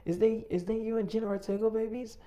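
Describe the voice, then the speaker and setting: A woman voicing a gushing, excitable young female online creator in a raised voice. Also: fairly high pitch, fast talker, voice pushed up, lightly acted.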